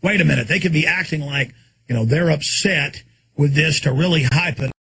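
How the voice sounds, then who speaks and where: A man hosting a talk show, ranting erratically and suddenly exploding into shouts, speaking from a studio full of electronics. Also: on the high side, expressive, normal speed, husky.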